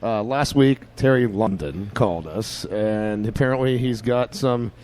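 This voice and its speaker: A man's voice: lowish voice, unhurried, darkish tone. A man hosting a comedy podcast in casual chat, moving the show along with wry asides. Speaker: podcast host.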